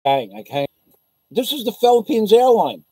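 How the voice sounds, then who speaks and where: A man's voice: high-pitched, big pitch swings, moderate pace, mellow, slight background noise, poor audio. An American man vlogging from the Philippines, telling an indignant, rambling story on a casual livestream. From United States.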